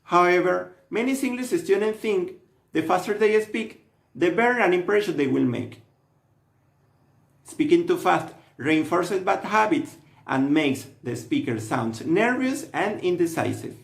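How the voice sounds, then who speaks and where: A man giving scripted narration as a language teacher, with an instructive, steady delivery. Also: high voice, measured pace, creaky. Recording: roomy echo.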